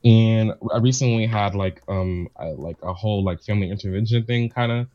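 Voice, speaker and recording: Low-voiced man telling a rambling story. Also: fairly quick, mellow, no room sound, muffled recording. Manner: rambling, repeats himself, quotes family members. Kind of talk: casual chat, personal story.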